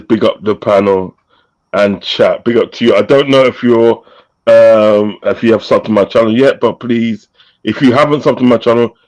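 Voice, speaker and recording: The audio is poor as a man with a fairly low voice hosts a casual live stream, laughing a lot while reading chat shout-outs and viewers' messages.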